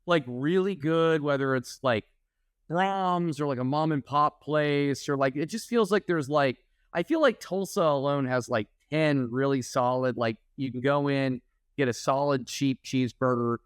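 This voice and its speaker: A man's voice: mid-range voice, normal speed, smooth, dry recording, studio quality. A man from Oklahoma, a podcast co-host telling stories in casual chat. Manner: storytelling, animated.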